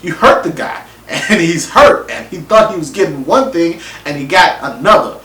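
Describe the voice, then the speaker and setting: A man giving a casual, animated review of a TV episode, acting out people's reactions in slangy everyday talk. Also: on the high side, normal speed. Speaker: TV show reviewer. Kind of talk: casual opinion monologue. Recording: echoey room, mic at a distance.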